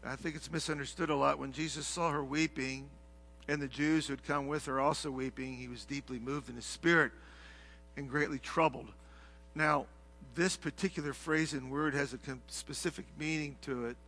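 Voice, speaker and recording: A middle-aged man preaching a sermon, swinging from hushed, low passages to shouted, heated ones. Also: steady tone, moderate pace. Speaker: pastor.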